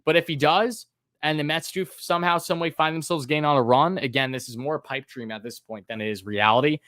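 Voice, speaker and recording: A man hosting a live sports call-in stream, talking in a relaxed, fairly level way with frequent ums and uhs, at a medium pitch. He reads viewer comments aloud between his thoughts, and the sound is dry and close, with no room around it. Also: fast talker, no echo. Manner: says his own voice sounds monotone; casual, many fillers, reads chat names aloud.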